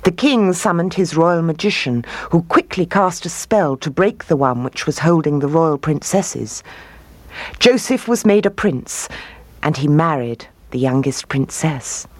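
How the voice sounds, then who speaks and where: Low, husky woman reading a fairy tale. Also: measured pace, no echo. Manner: expressive, rising on key words. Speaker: storyteller. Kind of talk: storybook reading aloud.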